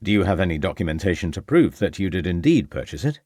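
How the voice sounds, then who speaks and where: A man's voice: deep voice, sing-song, fast talker, a little mellow, no room sound, clean studio sound. Man reading as a formal Victorian inspector. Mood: measured. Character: shrewd Victorian police inspector, measured and formal.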